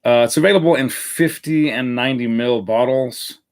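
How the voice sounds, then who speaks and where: A man's voice: mid-range voice, normal speed. A man hosting a live fragrance review in a casual, rambling way, with many fillers and self-corrections.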